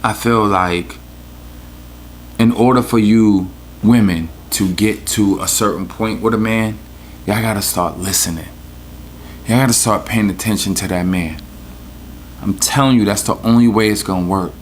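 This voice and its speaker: A man's voice: lowish voice, steady tone, moderate pace, a little hiss or hum. A man with a New York accent, hosting a podcast with a profane, rambling, joking rant. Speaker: podcast host. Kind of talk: casual comedic rant.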